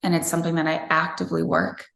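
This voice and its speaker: A woman's voice: sits low, level tone, fast talker, creaky, fairly bright tone. A woman in her thirties, interviewed, earnestly and reflectively telling a personal story from her own family life. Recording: roomy echo.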